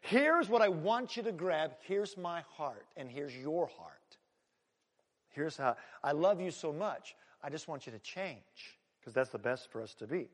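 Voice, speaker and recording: A man voicing God as a tender, loving father figure, speaking softly and gently. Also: on the high side, expressive, a little slow, long reverb tail, pitched below the performer's own voice. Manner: soft, gentle, pleading.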